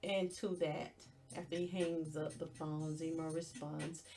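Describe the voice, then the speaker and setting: Woman, podcast host, casual plot recap, unhurried delivery, faint background music. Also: sits low, little pitch movement, warm tone. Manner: storytelling, plainly retells scenes step by step.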